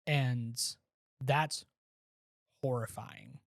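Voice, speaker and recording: A man co-hosting a podcast, casually reviewing a movie and retelling scenes with animated restarts. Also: medium pitch, very slow, vocal fry, no echo, studio quality. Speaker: podcast co-host.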